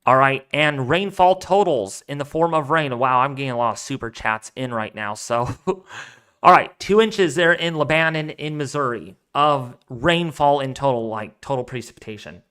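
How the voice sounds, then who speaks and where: A man's voice: medium pitch, normal speed, pushed and bright, smooth. A man hosting a weather live stream, chatting casually and rambling as he thinks aloud while reading out viewer donations. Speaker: weather livestream host.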